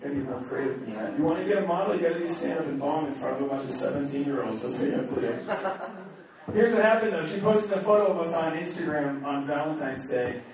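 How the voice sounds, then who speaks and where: A man from New England works a comedy club stage with a brash, crude delivery, trading jabs with hecklers. His voice sits high for a man. The set is recorded from a distance in an echoey room, with a crowd laughing loudly behind him. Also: lively intonation, fast talker. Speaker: standup comedian. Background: audience laughter and heckling.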